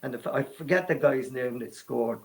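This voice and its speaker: A man's voice: medium pitch, a little fast, gravelly, rough recording. A man on a sports talk panel, telling old match anecdotes and quoting people in casual chat. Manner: anecdotal storyteller, quotes people.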